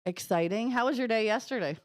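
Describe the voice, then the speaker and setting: A woman's voice: a little high, quick pace, no room sound, clean studio sound. A woman with a Midwestern American accent co-hosting a morning radio show, chatting animatedly and telling stories with laughs. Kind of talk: casual morning radio chat. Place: radio studio.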